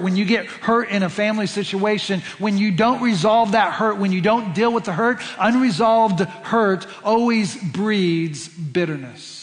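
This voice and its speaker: A man's voice: high voice, in a large hall. A man preaching a sermon as pastor, stressing points by repeating words and restarting phrases. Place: church sanctuary.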